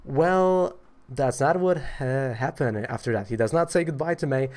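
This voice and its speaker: A man's voice: medium pitch, moderate pace, darkish tone. Man, casual vlog storytelling, rambling, wry, exasperated. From Poland. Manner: rambling, full of "you know, like" fillers, wry and exasperated. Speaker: trading card seller telling a story.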